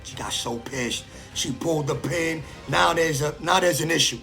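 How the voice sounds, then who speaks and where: A man with a fairly high, gravelly voice tells his story in a casual spoken monologue. He is animated, acts out the other people's lines and swears without holding back. Faint music plays behind him. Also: normal speed. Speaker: storyteller recounting prison life.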